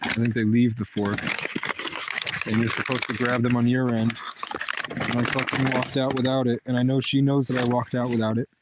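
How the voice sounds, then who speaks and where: A man's voice: mid-range voice, flat delivery, moderate pace, pauses often, heavy background noise. A man rambling and ranting in a casual vlog, muttering profanities to himself. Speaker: vlogger.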